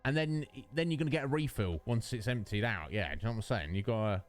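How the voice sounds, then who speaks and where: Talking fast and animatedly at a medium pitch, a British Twitch streamer riffs and jokes through his game, responding to chat by name. Faint music plays behind him in his home streaming setup, captured with a studio dynamic mic.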